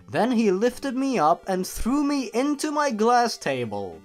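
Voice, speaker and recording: A man narrating a horror story for laughs, reading deadpan and breaking off into sarcastic asides. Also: high voice, measured pace, hardly any pauses, faint music behind. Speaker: YouTube narrator.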